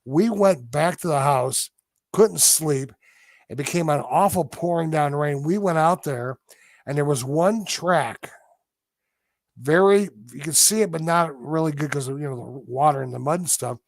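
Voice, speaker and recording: A man's voice: fairly high pitch, unhurried, creaky, no room sound, clean studio sound. A man on a podcast telling a story vividly as a guest, imitating the sounds he describes.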